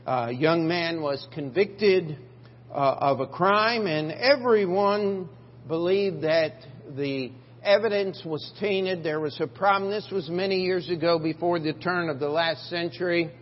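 An older man preaching a sermon as pastor, halting, with frequent fillers and restarts. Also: a little high. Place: church sanctuary. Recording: dull lo-fi church recording with long reverb and faint hum.

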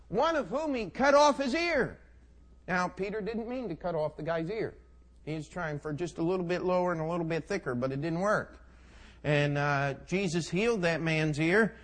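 Male preacher, high voice, folksy storyteller who swings from hushed to loud. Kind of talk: sermon.

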